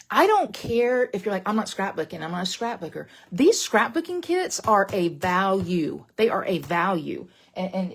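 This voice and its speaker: A middle-aged woman leads a card-making demonstration in a casual, bubbly way, chatting directly to her viewers. Her voice is husky with a gravelly edge, and her pitch swings widely as she exclaims. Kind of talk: casual craft demonstration, live stream.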